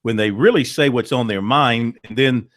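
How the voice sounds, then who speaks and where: A man's voice: medium pitch, normal speed, fairly bright tone, no echo, clean studio sound. A man hosting a sports talk radio show, reading out news items with fillers.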